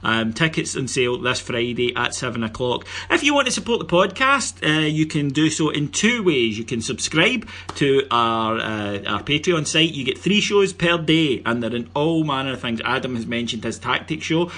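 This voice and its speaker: A Scottish man hosts a casual football podcast, with a bright, forceful voice that has a husky edge. He jokes, teases his guests and rattles off plugs and announcements. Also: mid-range voice, very animated, normal speed, hardly any pauses. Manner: jokey, teasing, plugs the show. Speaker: podcast host.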